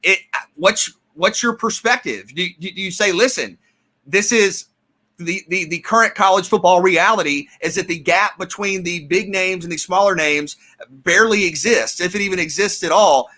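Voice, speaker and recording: A man's voice: high voice, moderate pace, bright, forceful tone. A man hosting a sports radio show, asking long, rambling questions with stammered restarts.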